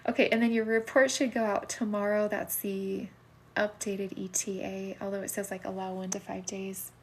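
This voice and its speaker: A middle-aged woman giving soulmate readings on a livestream, talking casually in a soft, soothing voice that often drops into a whisper. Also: mid-range voice, level tone, normal speed, breathy edge.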